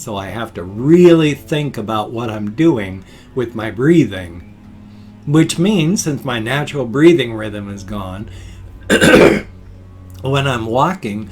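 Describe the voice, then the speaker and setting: An older man talking casually on his vlog, folksy and chatty, explaining things at length with homespun sayings. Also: mid-range voice. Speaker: vlogger. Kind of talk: casual rambling vlog talk.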